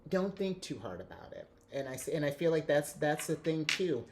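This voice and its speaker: A man giving a casual tarot reading, excitable and rambling, often restarting his sentences and laughing. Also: fairly high pitch, moderate pace, slight background noise. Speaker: tarot reader.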